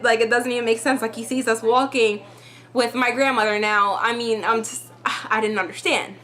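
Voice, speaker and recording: Young female vlogger, chatty storytime delivery, bright tone. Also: fairly high pitch, fairly even intonation, a little fast. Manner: chatty, full of "like" fillers. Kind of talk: storytime vlog.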